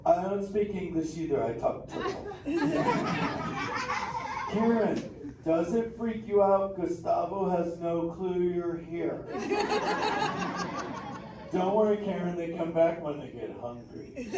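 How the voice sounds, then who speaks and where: A man voicing a laid-back, excitable young male sea turtle who talks in surfer-dude slang and banters with the audience. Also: sits high, slow pace, pauses often, exaggerated voice. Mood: teasing. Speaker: live show character talking with the audience. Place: theater with a live audience. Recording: echoey theater from far off, noisy.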